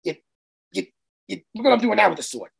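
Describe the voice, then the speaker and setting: A man co-hosting a chat show, telling a story in an excitable, profane way with lots of restarts. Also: sits high, very fast, creaky, slightly rough. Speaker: podcast co-host and martial arts coach. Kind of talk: casual chat, animated storytelling.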